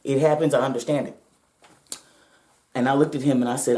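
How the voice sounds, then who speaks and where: A woman's voice: extremely low pitch, fairly even intonation, brisk, dark tone, reverberant. A woman vlogger telling a personal story to her viewers, blunt, profane and emphatic, her voice shaking with nerves.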